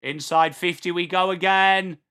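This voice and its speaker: Excitable English man calling footy live. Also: sits high, measured pace, noisy background. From England. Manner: excitable, blunt, swears, banters with chat. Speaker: watchalong streamer. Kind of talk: live football reaction commentary.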